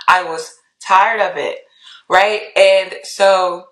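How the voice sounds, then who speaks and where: A woman guest on a podcast telling her faith story in a lively, casual way, acting out her own thoughts and laughing often. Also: mid-range voice, drawn-out words, roomy sound. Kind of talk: casual testimony.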